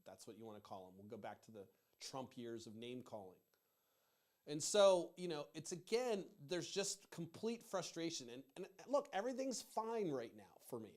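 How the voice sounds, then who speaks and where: Middle-aged male host, profane rambling rant, fairly high voice, loud and fired up. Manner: fired-up, profane, yelling emphasis; rambling with restarts. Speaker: political commentary host.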